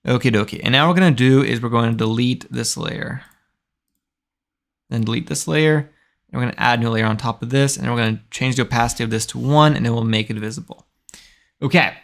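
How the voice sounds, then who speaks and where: Streaming his game development, a young man in his twenties codes and talks casually, thinking aloud with many restarts. He speaks briskly at medium pitch with a creaky voice.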